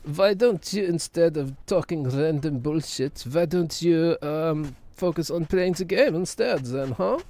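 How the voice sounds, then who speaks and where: A man puts on a cynical, grumbling character who sneers at everyone around him. The voice sits a touch higher than a typical man's, and he speaks in blunt, scornful jabs. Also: measured pace, few pauses, warm tone. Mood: sneering.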